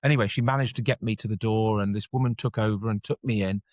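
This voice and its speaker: A man co-hosting a podcast, telling a personal story in a lively way and acting out the voices in it. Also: fairly low pitch, quick pace, dry recording, clean studio sound. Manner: animated storyteller, acts out quotes. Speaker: podcast co-host. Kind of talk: casual storytelling chat.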